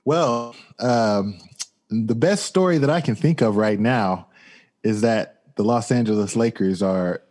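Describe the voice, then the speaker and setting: A man's voice: fairly low pitch, measured pace, darkish tone. A man co-hosting a casual podcast as its producer, playful and chatty, teasing in friendly banter. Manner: playful, chatty sports fan. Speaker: executive producer and co-host. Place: downtown studio.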